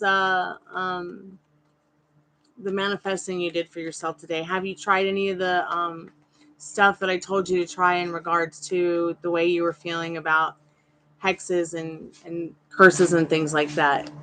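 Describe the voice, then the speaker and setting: Tarot streamer host, bright tense voice, casual chat to viewers by name, firm but polite. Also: mid-range voice, flat delivery, a little slow.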